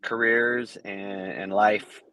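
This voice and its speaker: A man, a fight judge guest, answering interview questions in a halting way full of fillers and restarts. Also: fairly low pitch, fairly even intonation, pushed and bright, dry recording. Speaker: MMA judge, podcast guest.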